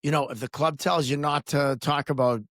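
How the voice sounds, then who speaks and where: A man's voice: on the high side, fairly even intonation, moderate pace, a bit bright, dry recording, studio quality. A male podcast host in casual chat, giving plain, frank advice.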